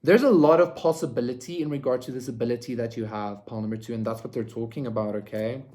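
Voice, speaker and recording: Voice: medium pitch, quick pace, mellow. A tarot reader giving a casual pick-a-card reading, rambling with lots of "like" and tagging lines with "okay?", swearing freely.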